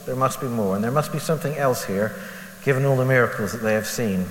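A man's voice: mid-range voice, fast. Man musing in an echoey hall. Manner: candid, self-deprecating, asks rhetorical questions. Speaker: lay preacher. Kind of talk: conversational Bible reflection. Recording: echoey hall with faint hiss.

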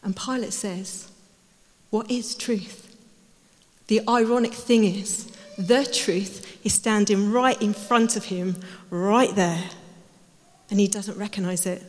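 A woman preaching a sermon, telling the story in a lively way and acting out the voices. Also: medium pitch, measured pace. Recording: hall reverb.

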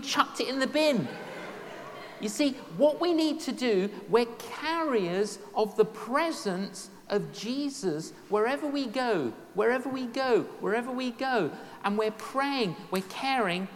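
A woman's voice: medium pitch, a little hiss or hum. Woman preacher in a reverberant hall. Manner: animated, repeats key phrases for emphasis. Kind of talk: sermon with personal stories.

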